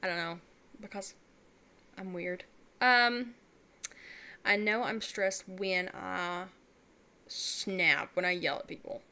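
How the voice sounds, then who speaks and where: Young adult woman vlogger, bright tone, rambling and self-deprecating chat. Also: fairly low pitch, slow, pauses often. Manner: rambling, candid, self-deprecating, laughs often. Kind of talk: casual chat.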